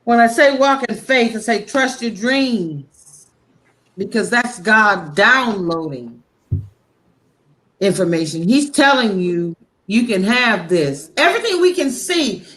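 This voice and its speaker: A fairly high, slightly bright female voice carries a heartfelt sermon-like talk about faith on a talk show. She curses bluntly, sounds impassioned and preachy, and takes her time with a slow, deliberate delivery.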